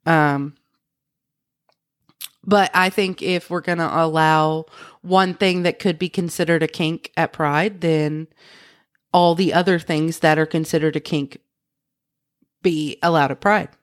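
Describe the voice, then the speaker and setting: A woman's voice: low-pitched, steady tone, measured pace, long pauses, no room sound, studio quality. A woman co-hosting a podcast in casual chat, teasing her partner and laughing often. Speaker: podcast co-host.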